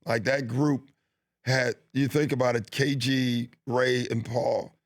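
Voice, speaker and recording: A middle-aged man talks through coaching stories in an easygoing, meandering way, often stopping to restart a thought. His voice sits at a middle pitch and sounds close and dry, with no room echo. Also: level tone, takes it slowly. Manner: easygoing, with frequent fillers and restarts. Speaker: basketball coach, guest. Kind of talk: relaxed storytelling interview. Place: studio.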